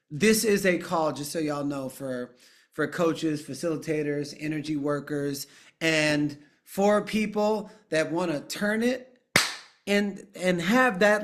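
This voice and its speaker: Slow-talking man leading a coaching call. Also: a little high. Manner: conversational, drifting into hushed guided prompts. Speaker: coach and trainer. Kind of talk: live training call, casual talk and guided exercise.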